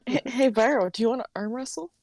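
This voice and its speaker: A woman playing a tabletop game, playful and quick to laugh. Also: a little high, a little mellow. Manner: playful, giggly. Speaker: player. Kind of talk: tabletop role-play chat.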